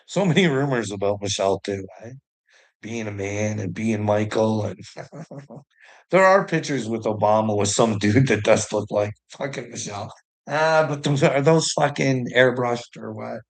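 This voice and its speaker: A man's voice: on the low side, moderate pace. A man ranting about news headlines with heavy swearing and sarcasm, often trailing off into mutters. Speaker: commentator reacting to news headlines. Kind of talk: profane ranting commentary.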